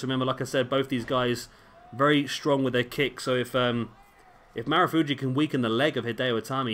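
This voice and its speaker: There's a faint hiss behind this male game commentator, whose medium-pitched voice has a fairly bright tone. His casual play-by-play is chatty, rambling and musing, and he often questions himself.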